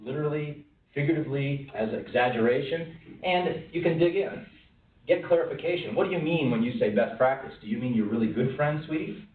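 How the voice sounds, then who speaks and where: A man with a fairly high-pitched voice gives a conversational lunch-and-learn presentation in a roomy space, lively and full of questions, acting out quoted voices. It's recorded from a distance with faint room noise.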